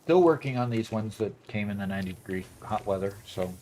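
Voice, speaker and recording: A man's voice: lowish voice, expressive, fairly quick, warm tone, slight background noise. A man chatting casually on a gameplay livestream, rambling with fillers as he plays. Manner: rambling, many fillers and restarts. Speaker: streamer.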